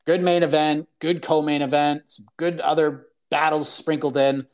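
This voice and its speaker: A man hosting his own fight-sports podcast, talking in a casual, excited, rambling way with slang. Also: fairly high pitch, unhurried, few pauses. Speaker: podcast host. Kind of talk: casual solo show talk.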